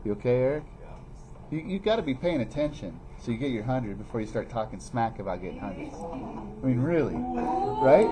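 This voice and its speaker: Lively man teaching math to a class. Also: moderate pace. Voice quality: animated, pitch jumping high when teasing students. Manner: addresses students by name, playful teasing. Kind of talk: classroom review lesson. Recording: faint classroom noise.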